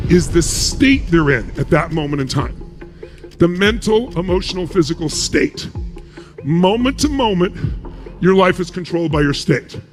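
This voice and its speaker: A man with a high voice that leaps around gives an emphatic motivational talk, firing rhetorical questions and answering them. Faint music plays beneath his speech. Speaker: motivational speaker.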